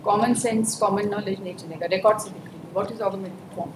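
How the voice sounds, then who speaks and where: Brisk female judge questioning rapidly. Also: mid-range voice, fairly even intonation. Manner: brisk, probing questions, switches between English and Hindi. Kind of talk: courtroom questioning. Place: courtroom. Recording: echoey courtroom audio from far off with noise.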